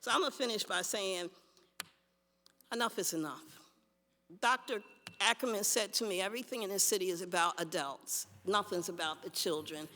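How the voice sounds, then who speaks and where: Older woman, passionate public testimony in an echoing chamber with a bright, forceful voice. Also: medium pitch, normal speed. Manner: impassioned, repeats herself. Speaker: public commenter. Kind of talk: public testimony at a council hearing. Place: council chamber. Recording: long hall reverb.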